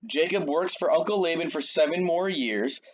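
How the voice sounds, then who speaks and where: A man's voice: on the high side, expressive, normal speed, dull audio. A man casually retelling a Bible story in a slangy, jokey, conversational way to a young audience. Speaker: youth storyteller.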